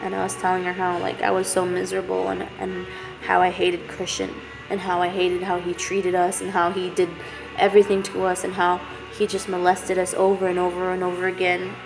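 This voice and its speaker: A woman telling a painful personal story to camera in a halting, candid way, with many fillers and restarts. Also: lowish voice, completely flat delivery, vocal fry. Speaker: vlogger. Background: music playing.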